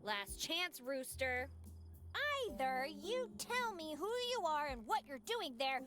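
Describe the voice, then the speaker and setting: A woman voicing a sarcastic, quick-witted game heroine who keeps arguing with a duck. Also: sits high, very animated, a bit bright, soft background music. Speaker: game protagonist. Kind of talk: voiced game dialogue.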